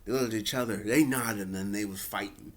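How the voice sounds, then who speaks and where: A man's voice: fairly low pitch, a little fast. A man casually recapping and reviewing a wrestling show, rambling with many fillers. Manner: rambling, lots of fillers, acts out quotes.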